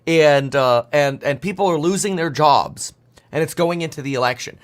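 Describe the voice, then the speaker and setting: A man in his thirties hosting a casual live stream about markets, rambling and joking as he clicks through charts. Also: a little high. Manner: fast, rambling, jokey, talks to himself while clicking charts. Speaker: livestream host. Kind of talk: casual market commentary livestream.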